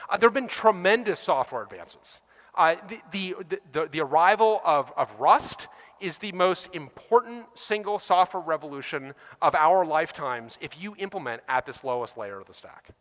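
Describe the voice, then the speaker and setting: A middle-aged man gives a technical conference talk in a large hall, and the long reverb trails after his words. He is fast and emphatic, jumping around a lot in pitch as he acts out the voices he quotes. His tone is bright and forceful. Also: expressive. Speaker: conference speaker.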